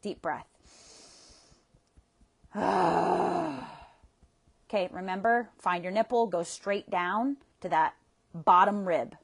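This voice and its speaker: A woman's voice: fairly low pitch, normal speed. A woman coach guiding listeners through a tapping session, speaking with soothing guidance and audible sighs between prompts.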